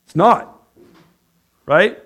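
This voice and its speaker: A man's voice: very slow, a bit bright. A man preaching a conversational sermon as a pastor, chatty and joking, often checking in with the room with "right?". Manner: chatty, asks the room "right?", laughs at own jokes.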